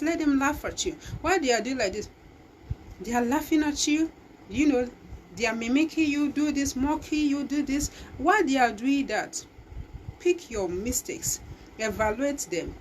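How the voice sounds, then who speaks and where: A woman's voice: mid-range voice, a little hiss or hum, poor audio. A woman, hosting a motivational talk and exhorting listeners, with frequent restarts. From Nigeria. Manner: emphatic, exhorting, with many restarts. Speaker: talk show host.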